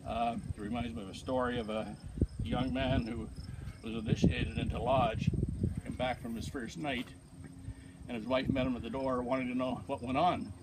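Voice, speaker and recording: A man's voice: mid-range voice, moderate pace, very noisy. A man giving informal acceptance remarks to a gathering, telling stories and a joke in a folksy way. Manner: folksy storyteller, telling a joke with quoted voices. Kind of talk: casual speech to a gathering.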